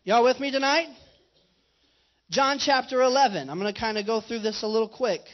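A man's voice: very high-pitched, fairly quick. A male pastor preaching a conversational sermon in a church and putting questions to his congregation. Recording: dull lo-fi livestream audio.

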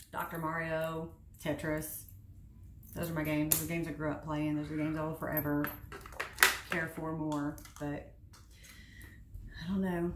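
Woman in her 30s chatting while doing makeup, kinda low voice, echoey room with faint hiss behind her, rants with sarcasm. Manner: chatty and animated, venting with sarcasm. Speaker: beauty vlogger. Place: home room.

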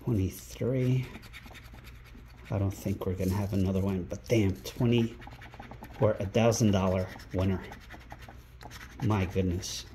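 A man narrates his scratch-ticket vlog from indoors at a rental home, calling out each number at an unhurried, drawn-out pace. His voice is mellow and soft-edged, and he breaks into excited exclamations. A faint hiss of noise sits behind him. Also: deep voice. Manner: calls out numbers one by one, bursts into excited exclamations. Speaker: scratch-ticket channel host.

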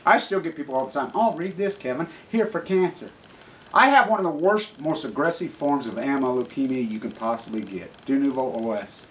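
A middle-aged man ranting angrily to camera, swearing constantly and swinging from low mutters to shouts. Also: a little hiss or hum, low-quality recording. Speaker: activist vlogger. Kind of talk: angry profane rant to camera.

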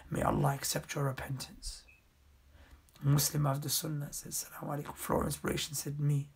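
A young male preacher speaks on a live stream in a hushed, breathy voice, earnestly pleading with his listeners. His tone stays flat and level, with a rough, gravelly edge and a very husky, airy texture. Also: fairly high pitch, a little fast. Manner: earnest pleading, reading viewer comments aloud. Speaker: Islamic preacher. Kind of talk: live-stream sermon reading comments.

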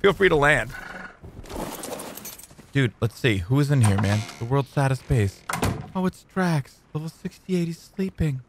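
A man giving excitable, jokey let's-play commentary as a gaming video host, talking to his tamed creatures. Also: mid-range voice, a little slow, long pauses, background noise. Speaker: gaming YouTuber.

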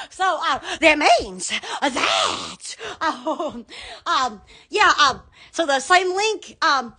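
A woman's voice: high voice, sing-song, very slow, pushed and bright, shouting. A woman with a Southern accent chatting on a live phone stream about her shop products, exclaiming and giggling and repeating "oh, yes" over and over. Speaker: online shop owner.

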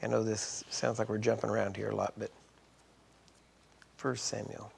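A man's voice: fairly low pitch, flat delivery, normal speed, vocal fry, a little hiss or hum. A man teaching a sermon, reading Bible verses aloud and breaking in with emphatic asides to his listeners.

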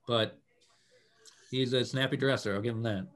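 A male co-host on a sports talk panel who hedges his points and keeps saying he doesn't know. His voice sits at an everyday middle pitch. He sounds relaxed as he chats in a small studio. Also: normal speed. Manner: hedging, full of "I mean" and "I don't know". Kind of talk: casual sports debate. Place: small public-access TV studio.

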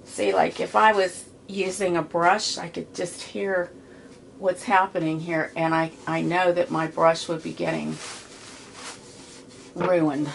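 Chatty woman teaching painting, gravelly edge. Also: on the low side, flat delivery, slow, a little hiss or hum. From Pittsburgh area. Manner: chatty, homey, rambling asides while painting. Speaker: art teacher. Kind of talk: casual painting tutorial. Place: home art studio.

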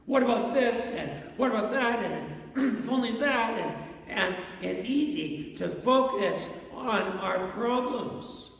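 High-voiced preacher in an echoey hall. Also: male voice, slow, fairly bright tone, recorded from a distance. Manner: conversational preaching with rhetorical questions to the congregation. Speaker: pastor. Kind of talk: sermon. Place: church sanctuary.

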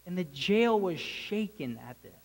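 A man preaching a casual, conversational sermon to a congregation, bursting into excited shouts. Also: high-pitched, measured pace, slightly rough, poor audio.

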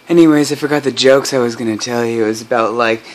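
A man's voice: mid-range voice, creaky, a bit bright. A man vlogging casually at home while making coffee, rambling with self-mocking, mumbled asides.

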